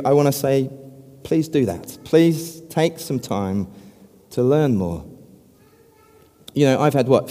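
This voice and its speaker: A man giving an earnest evangelistic talk as a preacher, speaking gently and slowing down to lead a prayer. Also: mid-range voice. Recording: long hall reverb.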